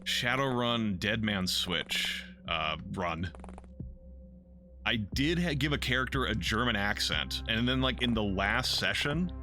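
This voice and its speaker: A man's voice: fairly low pitch, expressive, measured pace, over music. A man chatting casually while streaming a game, rambling and cursing, answering chat and poking fun at himself. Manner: rambling, profane, self-deprecating, reads and answers chat.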